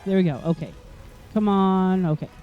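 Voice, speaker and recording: A gameplay commentator whose voice is going hoarse, talking through a tricky puzzle and getting more frustrated, swearing and complaining at the game. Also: mid-range voice, normal speed, phone-quality sound. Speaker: video game let's-play host.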